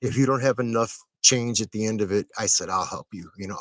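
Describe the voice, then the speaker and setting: A man's voice: on the low side, quick pace, a bit bright, dry recording. A middle-aged man telling a long personal story in a casual, earnest, rambling way, full of fillers and tag questions. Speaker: medical transport driver. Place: at home.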